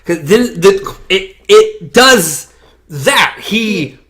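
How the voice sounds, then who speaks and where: A man's voice: high-pitched, very slow. Man co-hosting a casual TV recap. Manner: animated retelling, acts out scenes. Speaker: podcast co-host.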